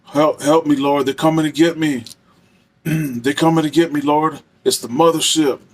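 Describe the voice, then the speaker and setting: This is a frantic male inmate, as a storytelling man puts him on, hollering in a raised, strained pitch. He repeats his desperate pleas and chants loudly, over and over. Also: steady tone, normal speed, close to an everyday voice. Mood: panicked. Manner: loud, repetitive hollering.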